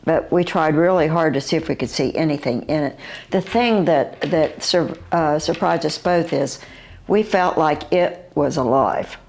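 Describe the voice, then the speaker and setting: An older woman with a West Virginian accent, recounting her own encounter as an eyewitness in a halting, vivid way, with fillers and restarts. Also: sits low, a little mellow, slight background noise.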